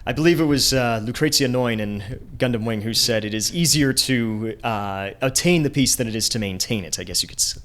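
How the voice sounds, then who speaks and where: A man hosting a casual interview at an anime convention, chatty and enthusiastic and quick to laugh. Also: mid-range voice, a bit bright. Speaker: interviewer host.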